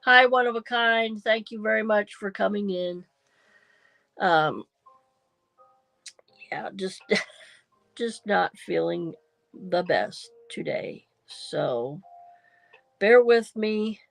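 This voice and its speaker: Middle-aged lady on a craft livestream, stuffy nasal voice, kinda gravelly, talks slow with lots of ums. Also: medium pitch, fairly bright tone, dry recording, soft background music. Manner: rambling, apologetic, many ums and restarts. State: unwell and achy, congested. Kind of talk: casual livestream chat while junk journaling.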